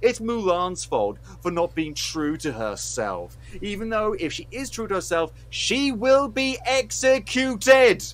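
Animated, sweary man ranting. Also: fairly high pitch, moderate pace, few pauses. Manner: heated, sweary, sarcastic ranting. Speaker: podcast co-host reviewing films. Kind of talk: casual podcast rant.

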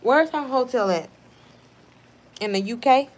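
A woman's voice: sits high, unhurried. A young woman hosting a casual live stream outdoors, reading chat aloud and answering, blunt and swearing freely. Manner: blunt, swears freely, talks back to trolls. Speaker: livestream host reading chat. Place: outdoors at home, evening.

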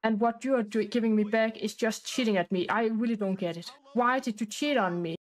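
A woman's voice: a little high, brisk, natural voice. A woman voicing a hurt, angry husband who confronts his cheating wife with repeated, exasperated questions. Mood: hurt, accusing.

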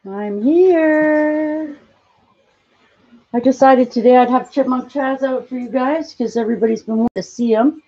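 A woman hosting a casual live stream, cooing at her pet in high baby talk between plain explanations. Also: unhurried, warm tone, slightly rough, highs cut off.

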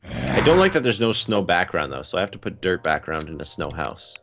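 A man's voice: deep voice, very animated, brisk. A man bantering goofily while giving casual commentary on a game over a voice call. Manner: goofy, jokey banter. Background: game music.

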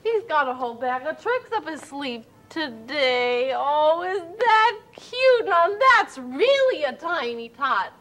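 A woman's voice: sits high, sing-song, slow pace, few pauses, a bit bright. A woman presenting a children's TV show who sounds out letters and words in delighted tones. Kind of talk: slow phonics teaching.

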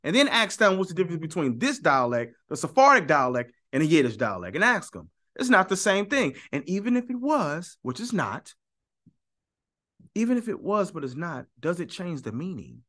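A man's voice: fairly high pitch, big pitch swings, normal speed, bright, forceful tone. A man giving an emphatic, argumentative teaching monologue on his channel, often repeating points for stress. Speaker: YouTube teacher.

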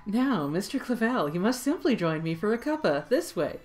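A woman's voice: medium pitch, sing-song, moderate pace, a little mellow, faint music behind, voice pushed up, natural voice. Woman doing a chirpy, doting game mother. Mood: cheerful.

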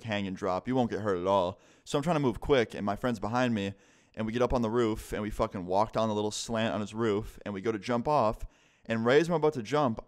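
A young man tells a story to his viewers in a loose, rambling vlog style, dropping swear words as he goes. His voice sits a little low and sounds smooth and clear, and the tone is casual and unpolished. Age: young adult. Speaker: vlogger.

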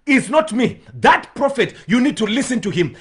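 A man preaching a sermon as pastor, swinging between loud shouts and hushed pleading, with bursts of tongues. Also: very high voice, very animated, normal speed, husky.

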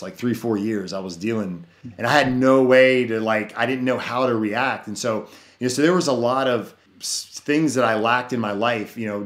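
A man with a fairly low voice shares his personal testimony in casual conversation. He is earnest and rambling, leans on "you know," and often restarts his sentences. The room adds a noticeable echo. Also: fairly bright tone. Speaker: podcast guest. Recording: roomy echo.

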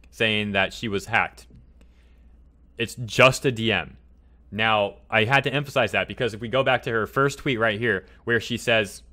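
A man's voice: mid-range voice, bright, forceful tone. A man hosting a commentary vlog, ranting heatedly and repeating his points for emphasis. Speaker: commentary channel host.

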